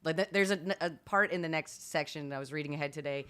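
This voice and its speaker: A woman with a low voice hosts a relaxed book club talk. She chats freely, full of filler words and quick laughs. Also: smooth. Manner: chatty, lots of "like" and laughs. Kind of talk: casual book discussion.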